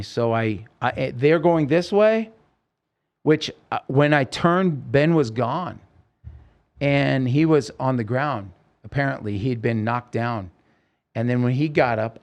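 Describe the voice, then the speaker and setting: Man intensely retelling a harrowing story. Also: mid-range voice. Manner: vivid, intense storytelling with quoted dialogue. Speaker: podcast guest. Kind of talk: personal story told in an interview.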